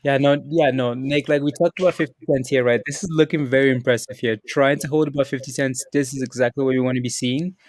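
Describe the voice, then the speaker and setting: A man's voice: medium pitch, fairly even intonation, quick pace, few pauses, a little mellow, no room sound, clean studio sound. A man co-hosting a livestream, chatting casually, laughing often and reading viewer comments aloud. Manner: laughs often, reads super chats aloud. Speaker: co-host of a crypto livestream.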